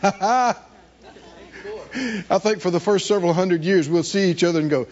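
A man's voice: high-pitched, fast talker, darkish tone, dull audio. A man preaching a sermon, reading scripture and asking the congregation questions to answer back. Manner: call-and-response preaching, rhetorical questions, reading scripture aloud. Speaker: pastor.

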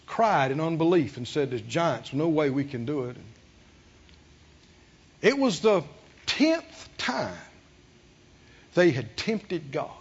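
A man preaching a sermon with energy. He throws questions to the congregation and acts out the quoted voices with big swings in loudness. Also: a little high, husky, dull audio. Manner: animated preaching with call-and-response questions to the congregation. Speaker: pastor.

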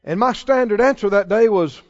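A male preacher with a high-pitched voice, delivering a sermon with emphatic repetition. He slows way down to lean on scripture lines. The recording is dull and lo-fi.

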